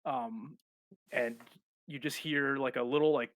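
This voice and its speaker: A man at a tabletop game, describing what his character does. He talks in a halting, unhurried way with little pauses and fillers. The mic is close and dry, with no room sound. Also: mid-range voice, steady tone, no echo. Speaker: player. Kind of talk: tabletop role-play.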